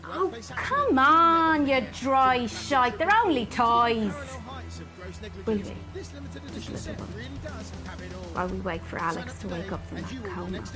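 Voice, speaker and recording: Brief: obsessive posh presenter, underneath, music under. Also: female voice, high-pitched, lively intonation, measured pace, pauses often, rough recording. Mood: casual. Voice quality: posh put-on voice slipping into broad Irish. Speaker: TV presenter character. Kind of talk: comic drama monologue.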